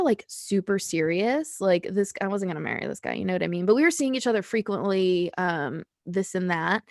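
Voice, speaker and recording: Uma mulher, convidada de um podcast, narra de forma franca e animada um caso pessoal numa conversa descontraída por chamada de vídeo. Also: female voice, mid-range voice, vocal fry, dry recording, clean studio sound. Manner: candid, animated storytelling with filler words. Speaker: guest. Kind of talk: casual podcast chat.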